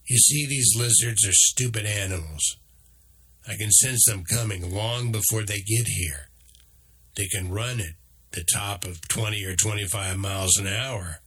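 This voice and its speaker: A man's voice: fairly bright tone, slightly rough. A man putting on Eddie, a boastful Australian emu. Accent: slight Australian. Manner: proud, mocking, raised pitch. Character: intelligent male emu, curious and boastful.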